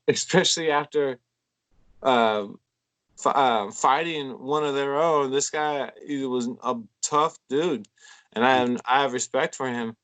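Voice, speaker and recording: A man's voice: mid-range voice, unhurried, fairly bright tone. Profane rambling young man telling a story. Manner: rambling, profane, many fillers and restarts. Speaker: podcast guest, MMA fighter. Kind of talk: casual storytelling chat.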